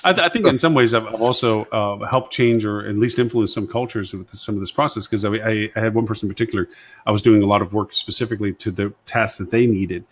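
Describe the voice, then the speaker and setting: Husky guy talking fast on a web panel show, rambly, lots of restarts. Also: lowish voice. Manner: rambling, repeats words, retells dialogue. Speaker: agency consultant and show panelist. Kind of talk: casual panel talk.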